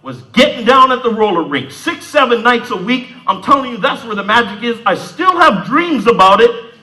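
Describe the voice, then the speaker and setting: Animated, bright-voiced man in his fifties. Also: very high-pitched, moderate pace, rough recording. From Southern Ontario, Canada. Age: 50s. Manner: animated, streetwise storyteller acting out scenes. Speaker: speaker giving a talk. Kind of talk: storytelling talk.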